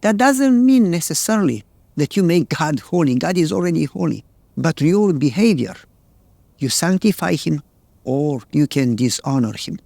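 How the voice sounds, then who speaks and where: A man's voice: on the high side, very animated, normal speed, creaky, a little mellow, no room sound. A male pastor preaching a sermon, telling a story in plain, earnest words.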